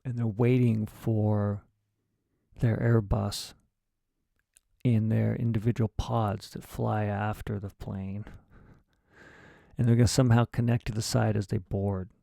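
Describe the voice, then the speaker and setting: Gravelly guy rambling to himself while writing, low dark voice, dry close mic. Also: flat delivery, measured pace, pauses often, no echo. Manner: rambling, muttering, trailing off. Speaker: writer livestreaming his process. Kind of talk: casual thinking aloud while writing.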